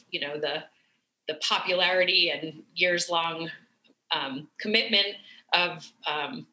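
A woman's voice: low voice, reverberant, poor audio. A woman, a sex therapist, talking reflectively as a podcast guest, with frequent ums. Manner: warm, reflective, many fillers. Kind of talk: podcast interview.

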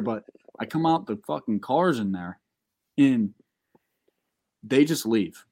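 A young man telling a long, profane, excitable story in a casual podcast chat. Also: mid-range voice, slow pace, long pauses. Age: young adult.

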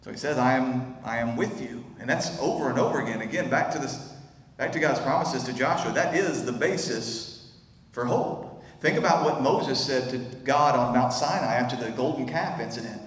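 A man's voice: mid-range voice, moderate pace. A man preaching a conversational sermon as pastor, sharing personal stories. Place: church sanctuary. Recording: echoey hall reverb.

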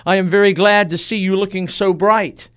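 A dying old general, gentle and tender one moment and barking orders in feverish delirium the next, as a male narrator puts him on. The voice sits higher than the narrator's own and pushes with urgency. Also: fairly even intonation, moderate pace, clean tone.

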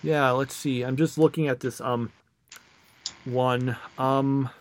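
A man's voice: mid-range voice, steady tone, takes it slowly, slight background noise. Rambling young man in casual chat. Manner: rambling, many fillers and restarts.

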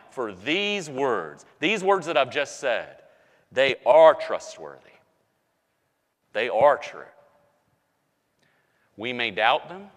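A man preaching a sermon as pastor, emphatic and repetitive, swinging between hushed and loud passages. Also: medium pitch, big pitch swings, slow, long pauses, long reverb tail.

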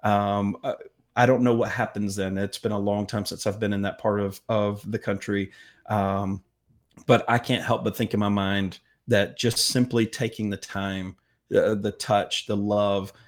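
A man telling a story as a guest in an interview, earnest and halting with fillers. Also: on the low side, flat delivery. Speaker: medical missions guest.

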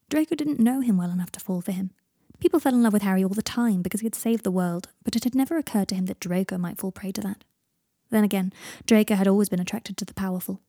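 A woman reading a fan-written story aloud in calm, even audiobook narration. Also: medium pitch, breathy edge, no echo, studio quality. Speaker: fan fiction reader.

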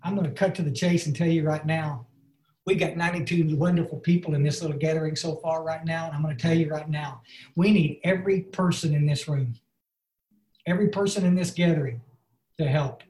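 In an earnest, folksy personal testimony delivered to an online meeting, a man speaks about recovery with many "and, uh" fillers. His voice leans high and a bit mellow, and the room has an echo.

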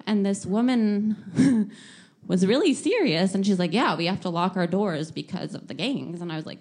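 Young adult woman, casual storyteller, animated, laughs often, chatty filler-heavy delivery. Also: mid-range voice, normal speed, husky.

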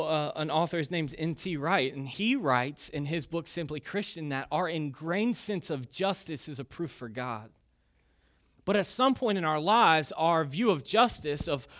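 A man's voice: on the high side, pushed and bright. A man in his thirties, a pastor preaching a casual, conversational sermon full of personal stories and fillers. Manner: conversational, self-deprecating, with frequent fillers.

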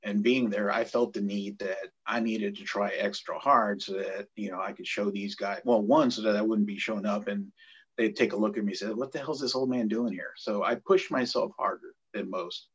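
A middle-aged man, a former corpsman, telling a story from his training in a casual, animated way, and acting out the voices of the people in it. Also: on the low side, moderate pace, slightly rough, lo-fi sound. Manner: animated, acts out quoted voices. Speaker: guest, former Navy corpsman.

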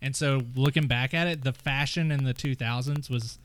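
Smooth-voiced joking male co-host. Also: mid-range voice, steady tone, moderate pace. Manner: joking, rambling, acts out silly voices. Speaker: podcast co-host. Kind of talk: casual podcast chat.

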